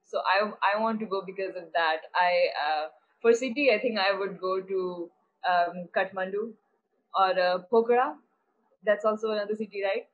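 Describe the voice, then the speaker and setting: A woman's voice: medium pitch, fairly even intonation, moderate pace, narrow, tinny audio. A woman chatting casually as a workshop participant on a video call, friendly and a little hesitant.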